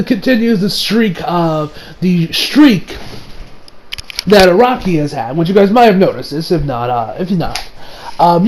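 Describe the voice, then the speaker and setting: Excitable high-voiced man recapping an anime. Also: slight background noise. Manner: excitable, rambling, with frequent restarts and swearing. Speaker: anime reviewer. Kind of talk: casual episode recap.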